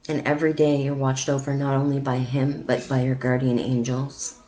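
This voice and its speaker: Soft-spoken woman giving a psychic reading. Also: rumbling low, level tone, poor audio. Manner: soft, halting delivery with frequent ums. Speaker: psychic medium. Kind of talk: live-streamed mediumship reading.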